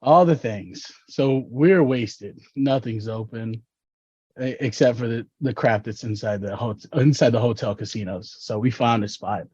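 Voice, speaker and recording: A man's voice: mid-range voice, measured pace, darkish tone, slightly rough, dry recording. A man from Dallas, Texas, telling rambling, laughing stories as a podcast guest. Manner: laid-back, rambling, laughs at own stories. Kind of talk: casual storytelling chat. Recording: slightly dull, lo-fi podcast audio.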